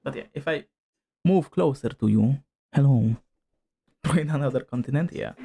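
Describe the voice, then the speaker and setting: A man with a mid-range voice, mellow and slightly rough with vocal fry, talks at a moderate pace. Testing his desk mic on stream, he chats casually, rambles with many fillers, and drifts closer to and farther from the microphone.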